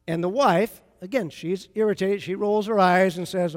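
A man preaching a sermon in a high voice, chatty and full of stories as he talks to his congregation. His voice rings through a large church sanctuary with a long reverb. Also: normal speed. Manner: conversational, storytelling preacher. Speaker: pastor.

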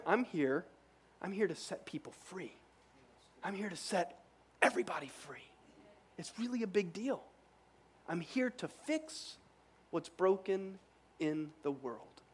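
Male pastor, high pitch, earnest sermon delivery with emphatic repetition.

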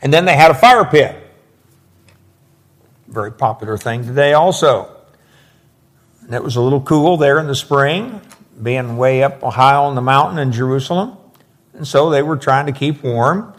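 A man's voice: mid-range voice, moderate pace, pauses often. A man preaching a verse-by-verse sermon, explaining scripture with emphatic, folksy asides.

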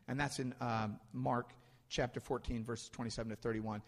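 A man delivers a sermon in a relaxed, conversational manner, stacking repeated phrases to drive each point home. His voice sits at an ordinary pitch for a man, and it rings out with a long reverb tail, as in a church sanctuary. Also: moderate pace. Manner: conversational, builds emphasis through repetition. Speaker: pastor.

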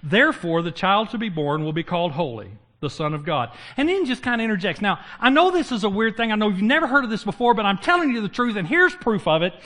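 His voice sits high and he moves at a quick pace with few pauses. The man, a pastor, preaches lively retellings of Bible stories, humorously acting out each character.

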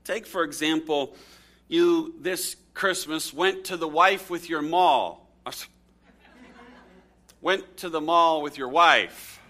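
Male pastor, sermon delivery, bright tone, dramatic storyteller. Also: slow pace. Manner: storytelling with dramatic swings in pitch and volume.

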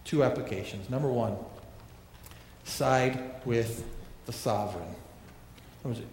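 A male pastor preaches a sermon emphatically, repeating phrases and posing rhetorical questions. His mid-range voice is a little mellow and a little slow, with slight hiss or hum on the recording, which carries echoey hall reverb and faint ambience.

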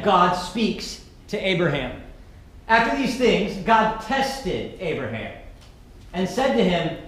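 A male pastor preaching a sermon and reading scripture dramatically, moving between loud calls and hushed narration. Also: fairly high pitch. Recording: very echoey hall, faint background noise.

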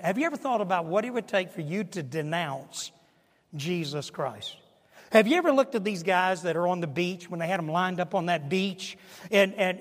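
A pastor in his sixties preaching a sermon, swinging from hushed asides to shouted emphasis. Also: high voice. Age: 60s. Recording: long hall reverb.

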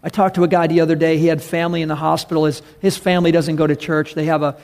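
A man preaching a sermon as pastor, earnest and emphatic, rising to loud calls. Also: on the high side, little pitch movement, racing.

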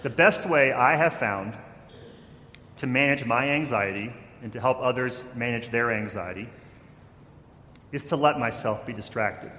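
Man, pastor, sermon, mid-pitched voice, long echoey hall reverb, faint background noise. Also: measured pace, long pauses. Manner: storytelling with shifts in loudness, acting out quotes.

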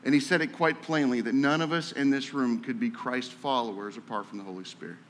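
A man preaching a sermon as pastor, talking in a conversational, animated way and often repeating words as he tells a story. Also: medium pitch, brisk. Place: church sanctuary. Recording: echoey hall with long reverb.

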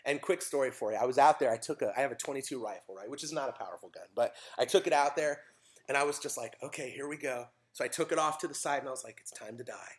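A man's voice: mid-range voice, very fast. A man preaching a casual sermon, chatty and joking, asking his listeners questions.

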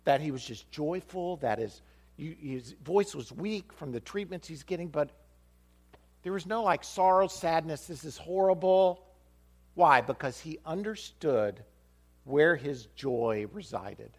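Animated pastor. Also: male voice, on the high side, measured pace. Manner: animated, acts out dialogue with shifting voices. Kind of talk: storytelling sermon.

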